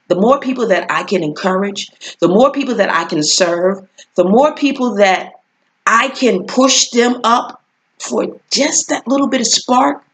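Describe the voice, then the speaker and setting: A woman telling a personal story as a motivational speaker, earnest and encouraging, acting out voices along the way. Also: a little high. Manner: animated, acts out voices in her story.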